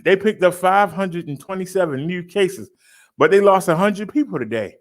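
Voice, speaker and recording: Guy on a livestream, lively swinging voice, kinda high, stretches words out big. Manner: showy, drawn-out announcing with loud punches; chatty, addresses viewers as y'all. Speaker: livestream host reading daily stats. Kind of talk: casual livestream chat.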